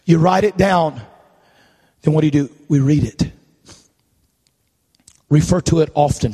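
A male preacher delivering a sermon, rising into shouted, sing-song preaching with rhythmic uh's. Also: on the high side, breathy edge, in a large hall. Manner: building to chanted, shouted preaching.

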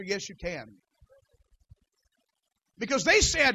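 A pastor preaching to his church in a strikingly high voice. He swings between shouted declarations and quiet asides, and he reads scripture aloud in formal, old-fashioned wording. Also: sing-song, a little slow, long pauses, breathy edge. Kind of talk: sermon.

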